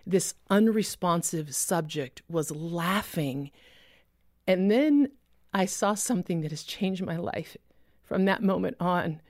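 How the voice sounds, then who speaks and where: A woman telling a personal faith story as a guest, earnest, with pauses and restarts. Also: lowish voice, animated, a little mellow, no room sound, clean studio sound.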